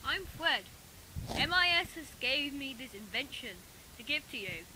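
A woman voicing a calm, blunt young Irish man who brings a secret device, with an Irish accent, heard from a distance over a noisy recording. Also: sits high, measured pace, pitched above the performer's own voice, full character voice.

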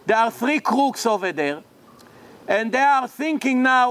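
In a lecture hall, a rabbi with a very high voice delivers a religious lecture in English, which is not his native language. He tells a long story at an unhurried pace, animatedly acting out each character's lines, so his pitch and volume swing widely between narration and dialogue.

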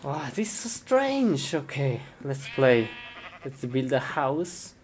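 Excitable low-voiced woman in a noisy comedy skit. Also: takes it slowly. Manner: excitable, bursts into shrieks and giggles.

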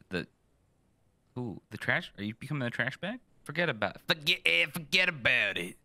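A young man streaming a horror game, swearing and joking with loud reactions. His voice is very bright and his pitch swings a lot, recorded dry on a close mic. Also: big pitch swings, a little fast, dry recording. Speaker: gaming streamer. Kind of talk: casual let's-play commentary.

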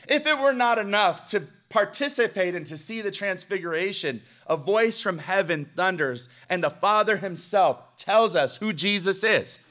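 High, bright-voiced preacher man. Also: animated, moderate pace, hardly any pauses. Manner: emphatic, calls for amens from the congregation. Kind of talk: sermon. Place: church sanctuary.

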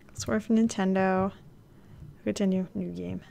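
A woman streaming a live game playthrough, reading the on-screen text aloud and reacting with excited gasps and laughter. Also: medium pitch, normal speed.

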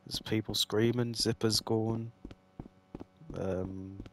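A man's voice: fairly low pitch, little pitch movement, slow, a little hiss or hum. A man doing let's play commentary, swearing and ranting at the game in mock fury. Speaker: gamer playing a horror game.

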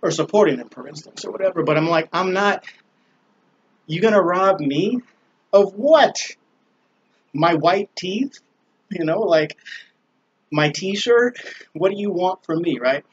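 A man's voice: sits high, lively intonation, measured pace, long pauses, lo-fi sound, slight background noise. A man vlogging from a small balcony, rambling and swearing through a laid-back casual story with lots of fillers. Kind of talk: casual profane monologue. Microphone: camera on a small balcony.

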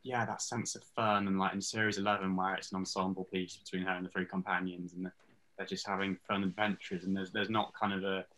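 A man's voice: sits low, flat delivery, brisk, a bit bright, rough recording. A man speaking as an interview guest, thoughtfully weighing his words in a casual chat. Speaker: online content creator guest.

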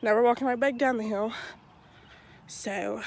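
A woman's voice: on the high side, normal speed, long pauses, a little hiss or hum. A young woman rambling in a casual, self-deprecating way while filming herself out of breath on a walk through her neighborhood. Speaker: vlogger. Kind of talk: casual walking vlog. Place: outdoors walking around a neighborhood. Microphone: handheld phone at arm's length.

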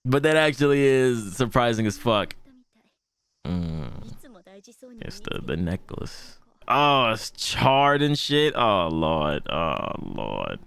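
A man's voice: fairly low pitch, big pitch swings, slow pace, vocal fry, fairly bright tone, smooth. A man hosting an anime reaction channel, talking in loose, slangy, profane commentary and laughing often.

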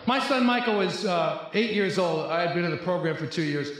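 A middle-aged man with a slightly higher voice tells a funny personal story to a crowd. He acts out each quoted line like a seasoned storyteller. His voice booms through a very echoey large hall. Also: fairly quick, a bit bright, slight background noise. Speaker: speaker at a recovery convention. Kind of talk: humorous personal testimony. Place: large convention hall, live audience.

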